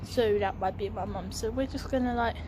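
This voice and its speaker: A young woman with a medium-pitched voice talks a little fast into her phone as she walks along a busy street near a bus stop. The vlogger is chatty and swears freely, while loud traffic and passing buses fill the outdoor recording.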